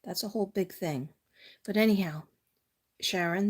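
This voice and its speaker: A woman's voice: medium pitch, moderate pace, a little mellow. A middle-aged woman from Staten Island with a New York accent, giving a casual, rambling tarot reading full of personal stories. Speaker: tarot reader.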